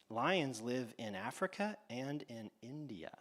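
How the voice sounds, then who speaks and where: A man hosting a playful animal quiz for children on a church stage, teasing and drawing out his questions. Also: mid-range voice. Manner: animated, teasing, exaggerated pauses. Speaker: quiz host at a church kids' event.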